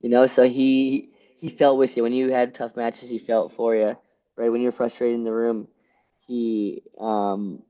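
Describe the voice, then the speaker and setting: A former college wrestler in his late twenties from Pennsylvania, USA, appears as a guest in a casual interview, telling stories while rambling, restarting, and using lots of fillers. His voice is mid-range with a dark tone. The sound is slightly dull and lo-fi.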